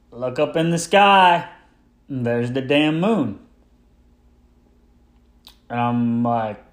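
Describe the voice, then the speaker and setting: A man in his thirties telling a casual, rambling, self-mocking story about being a father. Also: medium pitch.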